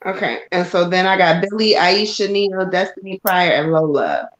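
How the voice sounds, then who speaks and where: A woman's voice: on the low side, moderate pace, dull audio. Casual woman co-host on a live stream. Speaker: co-host keeping the reading list.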